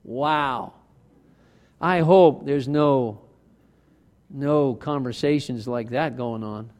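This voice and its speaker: A man preaching a sermon as pastor, lively and self-deprecating, acting out quoted arguments between spouses. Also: mid-range voice, very slow, long reverb tail.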